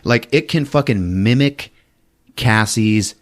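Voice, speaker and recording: A man hosting a podcast, recapping a film as a casual, profane, animated storyteller. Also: mid-range voice, takes it slowly.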